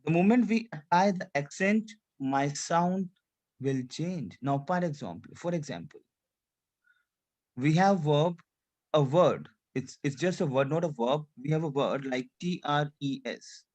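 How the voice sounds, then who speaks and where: A man's voice: a little high, lively intonation, measured pace, a little mellow. Male language teacher with a slightly raised voice, drilling a student on rules over and over. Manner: repetitive, drilling the student, frequent checks for understanding. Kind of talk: classroom lesson.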